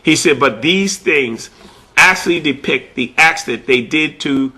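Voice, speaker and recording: A man's voice: fairly high pitch, animated, unhurried, pushed and bright, slightly rough. A man telling a story about a conversation he had while collecting artifacts, repeating "he said" as he retells it. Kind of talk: spoken storytelling.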